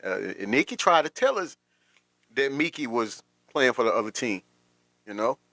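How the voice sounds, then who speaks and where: A man's voice: mid-range voice, very animated, normal speed, pushed and bright, no echo. Rambling, laughing livestream host man. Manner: rambling, repeats words, laughs often. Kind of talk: casual commentary on a livestream.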